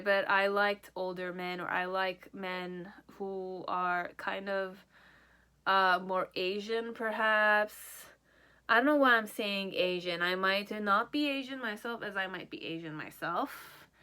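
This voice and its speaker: A woman's voice: medium pitch, fairly even intonation, a little slow, sharp tone, smooth. A woman giving a pick-a-card tarot reading, speaking in first person as the person being read. She rambles and hedges, often checking in with "okay?". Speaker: tarot reader.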